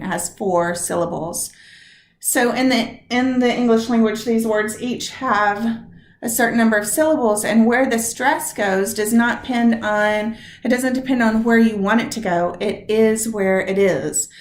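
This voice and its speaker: A woman records a video lesson for her high school English class on a computer mic, and the sound is reverberant. She's chatty, speaks directly to her students, and draws out her spoken examples.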